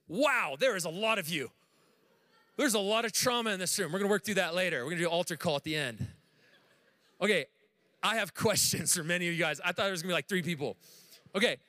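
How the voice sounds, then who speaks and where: An American man preaching a sermon to a live congregation, telling stories in an animated, joking way. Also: high-pitched, in a large hall. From United States. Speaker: pastor. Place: church room with audience.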